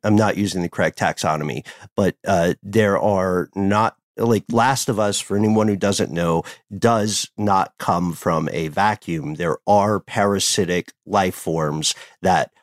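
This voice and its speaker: A man's voice: low-pitched, unhurried, hardly any pauses, no echo, studio quality. A man co-hosting a casual chat podcast, rambling, punning and laughing easily. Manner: wordplay-loving, digressive, laughs easily. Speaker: podcast co-host.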